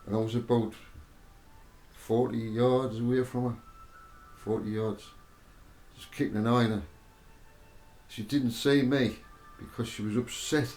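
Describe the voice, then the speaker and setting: A man telling a personal spiritual testimony, halting and repeating himself as he goes. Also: mid-range voice, darkish tone. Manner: halting, repeats words and restarts often. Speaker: storyteller giving a spiritual testimony. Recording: roomy echo with faint music behind.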